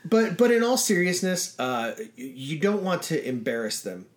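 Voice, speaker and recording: A man co-hosting a casual chat about running tabletop games, talking in a relaxed, rambling way with many fillers and restarts. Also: on the high side, moderate pace. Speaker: podcast co-host.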